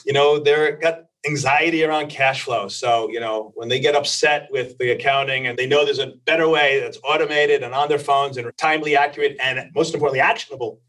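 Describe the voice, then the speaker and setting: A man's voice: mid-range voice, fairly even intonation, fairly quick, hardly any pauses, fairly bright tone, far from the mic. A man, a company president and CEO, answering interview questions. He explains confidently, with many filler phrases.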